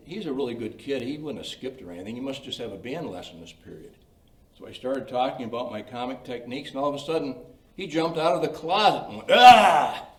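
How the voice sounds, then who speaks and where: An older man leading a creative writing workshop, telling anecdotes in a folksy, chatty way with many "you know" fillers. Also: mid-range voice. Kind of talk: informal lecture with anecdotes. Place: library meeting room. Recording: roomy sound from a distant mic.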